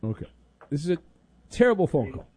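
A man's voice: a little high, very animated, a little fast, dark tone. A man hosting a sports talk radio show, sarcastic and mock-exasperated with callers.

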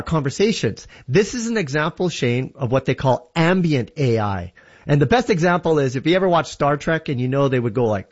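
Tech guest, man, upbeat explainer, average pitch, slightly muffled radio sound. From Canada. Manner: enthusiastic, explains with examples. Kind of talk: casual radio chat.

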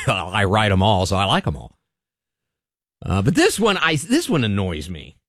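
Opinionated man, lively radio chat. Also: lowish voice, unhurried, no room sound, clean studio sound. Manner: opinionated, animated, restarts often. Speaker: radio talk show host.

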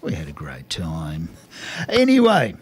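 A man hosting a rock music radio show, chatting casually and upbeat with filler pauses. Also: extremely low pitch, huge pitch swings, breathy edge.

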